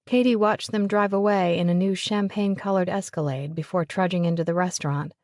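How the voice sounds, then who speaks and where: A woman narrating a romance audiobook in an even, measured way. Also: lowish voice, dry recording, studio quality. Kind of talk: scripted narration of a romance novel.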